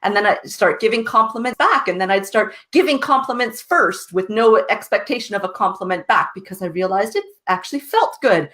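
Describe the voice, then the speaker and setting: A woman's voice: medium pitch, lively intonation, a little fast, few pauses, a bit bright. A woman guest on a podcast, earnestly telling her story in a casual way and often asking "right?" with a light laugh. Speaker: guest, success coach.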